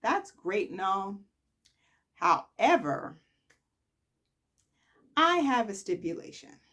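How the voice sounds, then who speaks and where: A woman's voice: medium pitch, very animated, slow pace, a bit bright, heavily acted. A woman voicing a grown son from a soap opera who demands full control and brushes his father off. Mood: defiant. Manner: flippant, defiant, dismissive.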